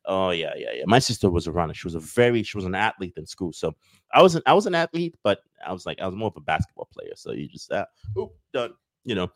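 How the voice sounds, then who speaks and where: A man's voice: low-pitched, big pitch swings, quick pace, dry recording. A man talking casually to his viewers, rambling through a lesson and acting out everyday scenes. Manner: rambling, acts out little scenes with voices. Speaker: self-help video host. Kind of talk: casual teaching talk to viewers.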